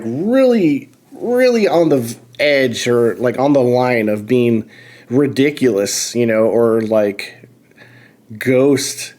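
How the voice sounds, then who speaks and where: A man's voice: medium pitch, darkish tone. A man hosting a podcast, reading a ghost story aloud in a casual, incredulous way, often swearing and stopping to comment and laugh. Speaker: podcast host.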